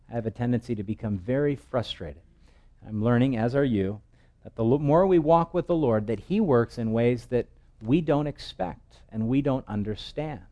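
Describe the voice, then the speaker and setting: A male pastor preaching an expository sermon, telling the scripture story in a lively way and acting out its voices. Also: medium pitch.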